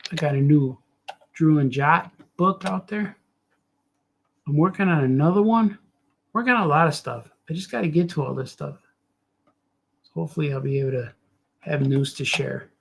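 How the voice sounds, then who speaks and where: A man's voice: a little high, normal speed, vocal fry, long pauses, a little hiss or hum. A middle-aged man, a cartoonist, chatting loosely as he draws, with joking, self-mocking asides. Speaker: cartoonist streamer. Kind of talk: rambling casual chat while drawing.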